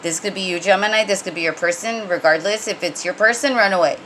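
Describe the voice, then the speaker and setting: A woman's voice: mid-range voice, fast talker, pushed and bright, slight background noise, low-quality recording. A woman giving a casual tarot reading, rambling and conversational with many fillers and restarts, and blunt when she gets heated. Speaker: tarot reader.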